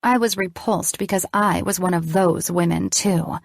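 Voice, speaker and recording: A woman narrating a romance novel in the first person, steady and measured. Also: on the low side, creaky, no echo, studio quality. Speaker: audiobook narrator.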